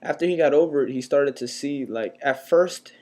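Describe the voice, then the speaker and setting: A young man in his twenties from the United States, casually telling a personal story to his vlog audience in a relaxed, rambling way, with many fillers. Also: on the high side, normal speed. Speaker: vlogger.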